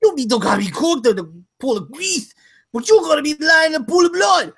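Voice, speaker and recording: A man putting on an impression of a raging boxer selling a grill in a crude, shouted infomercial. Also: very high voice, sing-song, a little fast, creaky, pitched above the performer's own voice, heavily acted. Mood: menacing.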